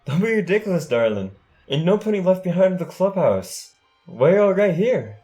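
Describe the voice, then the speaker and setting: Guy doing a high country pony mare, calm and folksy, big sister vibe. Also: normal speed, soft background music. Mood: reassuring. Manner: folksy drawl, calming.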